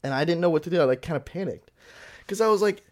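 A man's voice: on the high side, fast talker. A young man co-hosting a podcast, telling a story in casual chat, full of filler words, and acting out the people he quotes. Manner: animated storyteller, heavy "like" filler, acts out quotes. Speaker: podcast co-host.

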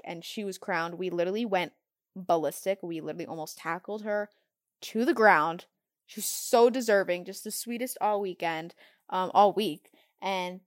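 A teenage girl hosts her own podcast in a casual, bubbly, upbeat manner, her voice sitting in a middle pitch. The recording is dry and close, with no room echo. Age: teens. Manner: bubbly, upbeat, acts out quoted chats in a higher voice. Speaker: podcast host. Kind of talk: casual solo podcast talk.

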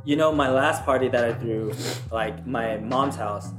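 A man's voice: mid-range voice, unhurried. A young man co-hosting a podcast, telling rambling, slangy stories in casual chat. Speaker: podcast co-host. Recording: echoey room with music behind.

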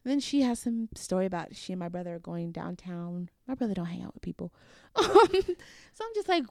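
A young woman, a guest on an interview show, telling a story casually and acting out what people said with big swings in pitch. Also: normal speed, no echo, studio quality. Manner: animated, acts out quotes with big jumps in pitch.

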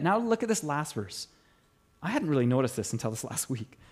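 A male pastor preaching a sermon in an animated way, with dramatic pauses and acted-out quotes. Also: high-pitched.

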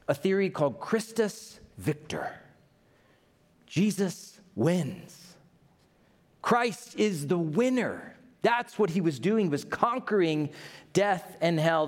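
Animated man preaching a sermon. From Tennessee, USA. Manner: lively storyteller, acts out quotes, jumps in pitch. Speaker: pastor.

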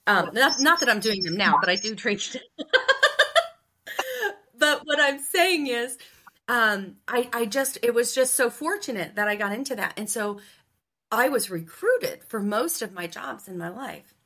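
A woman's voice: fairly high pitch, normal speed. A middle-aged woman from Ohio, a sales coach telling stories in an interview and acting out the dialogue. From Ohio, US Midwest. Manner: animated storyteller who acts out quoted dialogue. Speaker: sales coach and podcast guest. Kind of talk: casual interview storytelling.

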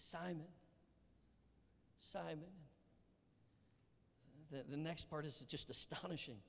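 Animated male pastor in a reverberant hall. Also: on the high side, moderate pace, long pauses, a little hiss or hum. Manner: animated, acts out Bible dialogue, drops to whispers. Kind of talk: sermon. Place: church sanctuary.

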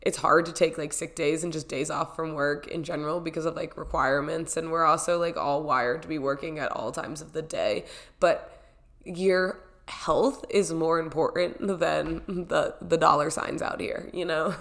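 A woman's voice: low-pitched, fairly even intonation, normal speed, a bit bright. A young woman in her twenties with a cold, chatting casually to camera about getting well, full of fillers and laughter. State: sick with a cold. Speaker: wellness vlogger. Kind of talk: casual chat.

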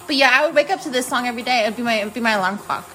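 A woman's voice: on the high side, very fast, bright, forceful tone, faint music behind. A woman in her late twenties hosting her podcast, telling frank, casual stories about her freshman year and swearing freely. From United States. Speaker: podcast host. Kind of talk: casual solo storytelling.

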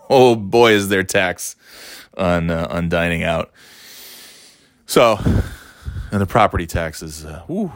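Animated man telling a rant story. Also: lowish voice, dry recording, clean studio sound. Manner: animated, swearing, mocking voices in quotes. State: tired. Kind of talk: casual anecdote monologue.

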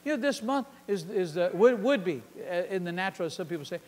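A man's voice: high-pitched, lively intonation, fast, big-room sound. A middle-aged man preaching a sermon as a pastor, dramatically acting out the lines of the Bible characters.

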